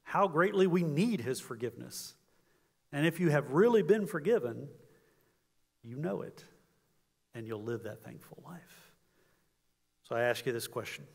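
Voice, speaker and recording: A pastor preaching an earnest sermon in a church, swinging from emphatic peaks down to soft, quiet lines. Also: male voice, on the high side, lively intonation, unhurried, creaky, long pauses, slightly rough. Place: church sanctuary. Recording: long hall reverb.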